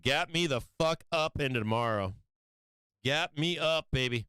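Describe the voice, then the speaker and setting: A man's voice: a little high, measured pace, pushed and bright, smooth, dry recording. A man hosting a stock trading live stream, talking casually, swearing and venting frustration about his trades.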